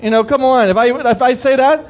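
A young man preaching a sermon in a high, light voice. He keeps it chatty and informal, asking the congregation direct questions. He breaks into brief impressions of the people he describes. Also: fairly even intonation, fast talker. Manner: conversational preaching, asks the congregation questions, acts out quoted voices. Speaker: pastor.

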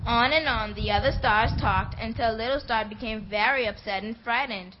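A woman telling a storybook tale on stage with expressive pacing. Her voice sits a little high. The sound is dull and lo-fi, with clear background hiss. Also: moderate pace. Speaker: narrator.

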